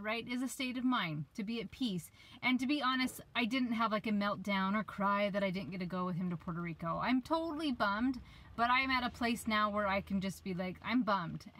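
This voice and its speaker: A life coach in her thirties gives casual advice from her parked van while rain falls outside, chatting and sometimes losing her train of thought. Her medium-pitched voice is a bit bright, and the audio quality is poor.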